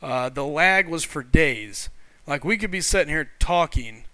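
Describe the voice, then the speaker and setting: A man's voice: a little high, expressive, a little slow, pushed and bright, clean tone, no room sound. A man with a Missouri twang, hosting a casual live game stream and chatting with viewers in a friendly way. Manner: chatty, friendly, reads viewer comments aloud.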